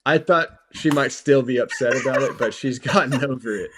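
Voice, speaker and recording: A young man, a guest on a podcast, calmly telling a school story and chuckling as he goes. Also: mid-range voice, fairly quick, crowd noise. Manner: laid-back, chuckles as he tells a story. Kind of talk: casual chat, storytelling.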